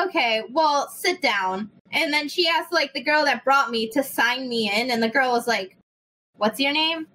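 A young woman telling a story in casual chat, animated, swearing freely and acting out the people in it. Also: high-pitched, moderate pace, rough recording. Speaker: podcast host.

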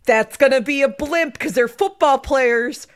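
A woman's voice: high voice, measured pace. Blunt, profane woman on a podcast. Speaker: podcast co-host. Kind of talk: casual comic chat.

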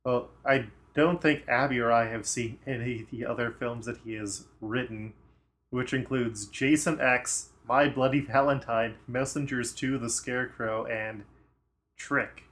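A man's voice: medium pitch, steady tone, unhurried, a bit bright. A man co-hosting a casual movie podcast, sharing trivia and murmuring agreement. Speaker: podcast co-host. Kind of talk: casual movie-review chat.

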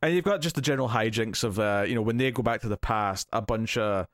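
A man's voice: lowish voice, fast talker, a bit bright, no room sound, clean studio sound. A man co-hosting a movie review podcast, chatting casually and laughing often. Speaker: podcast co-host.

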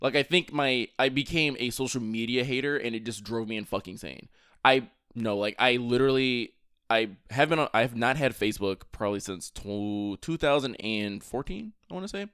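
A man's voice: medium pitch, moderate pace, a bit bright, clean tone, no room sound. Young guy on a podcast ranting, keeps restarting, swears a bunch, dry close mic. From Virginia. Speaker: podcast co-host. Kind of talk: casual chat.

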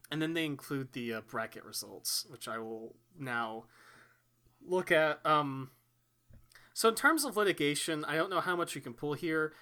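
A young man from Texas co-hosting a casual comedy podcast, rambling and joking and quick to laugh. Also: on the high side, expressive, sharp tone. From Texas, United States. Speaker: podcast co-host.

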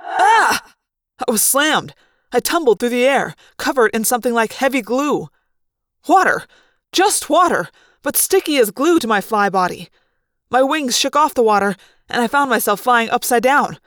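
A woman reading a fan audiobook, narrating in first person with lively, dramatic delivery. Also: on the high side, moderate pace, no room sound, studio quality. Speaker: audiobook reader.

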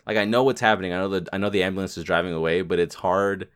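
A man's voice: low-pitched, fairly even intonation, very fast, a bit bright, smooth. Rambling young man chatting casually. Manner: rambling, filler-heavy, laughs often. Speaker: podcast co-host. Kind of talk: casual chat about a film.

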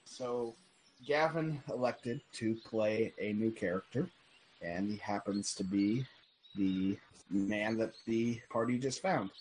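A man hosting a tabletop role-play podcast, introducing the episode and running the game in a relaxed, chatty way. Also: on the low side, takes it slowly, a little hiss or hum. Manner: relaxed, chatty, laughs easily. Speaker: game master and podcast host. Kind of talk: casual podcast narration and game mastering.

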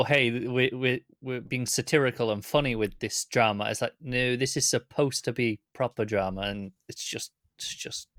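A man's voice: mid-range voice, a bit bright, no room sound, clean studio sound. A man co-hosting a casual film podcast, blunt and stammering as he starts a thought. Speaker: podcast co-host. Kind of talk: casual movie review chat.

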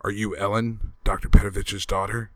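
A man's voice: lowish voice, little pitch movement, moderate pace, dry recording, close to an everyday voice. A man voicing a tough soldier who speaks firmly and reassuringly in an audiobook reading. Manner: firm and reassuring. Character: tough male soldier, calm and protective. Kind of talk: audiobook character voice.

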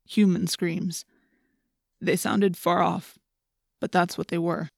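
A woman narrating a first-person audiobook in a measured, even storytelling manner. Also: fairly low pitch, gravelly, no room sound, clean studio sound.

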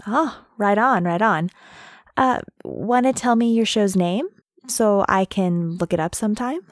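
A woman's voice: mid-range voice, a little slow, no echo, clean studio sound, natural voice. An actress playing a young woman neighbor who talks in an easygoing, friendly, casual way. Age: young adult. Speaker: dorm neighbor.

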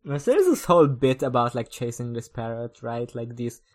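A young man chatting as a podcast co-host, thinking out loud and circling back over his words before landing a point. His voice is mid-pitched, and he laughs along readily. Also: sing-song. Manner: thoughtful, musing, laughs along, halting restarts. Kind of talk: casual chat.

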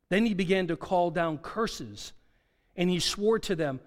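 A man's voice: high-pitched, animated, measured pace. A man preaching a sermon, dramatic, asking rhetorical questions and acting out quoted dialogue. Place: church sanctuary. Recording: long hall reverb.

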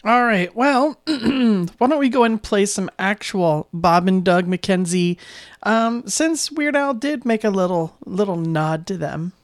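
A woman hosting a radio show, chatting casually in a relaxed way between tracks. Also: mid-range voice, slow, slight background noise. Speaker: radio host.

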